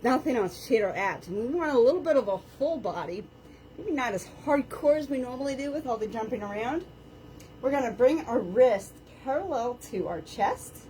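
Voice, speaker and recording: A fairly high-voiced woman coaches a live home workout from her floor mat and counts reps out loud. She keeps up a loose, self-joking chatter with viewers. Faint room sound sits behind her, caught by a camera set on the floor. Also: animated, moderate pace, slight background noise. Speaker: fitness instructor.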